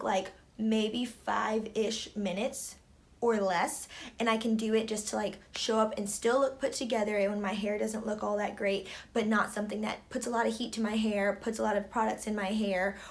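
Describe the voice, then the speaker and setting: A young woman chatting casually through a hair tutorial, her voice a bit tired and hoarse, filling her talk with lots of "like". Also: fairly high pitch. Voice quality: chatty, many "like"s. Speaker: beauty vlogger.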